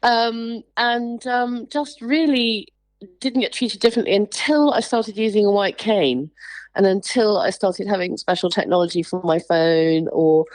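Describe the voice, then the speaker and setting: Lively woman telling stories, dry studio sound. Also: medium pitch, measured pace, no room sound, poor audio. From England. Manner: lively storyteller, acts out quoted voices, laughs often. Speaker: interview guest, writer. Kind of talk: radio interview, personal anecdotes.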